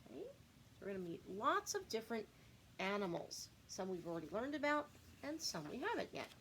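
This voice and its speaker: Woman teacher, reading aloud to kids, singsong, very lively pitch. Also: fairly quick, slight background noise, low-quality recording. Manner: animated, singsong storytelling. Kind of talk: reading a picture book aloud to children.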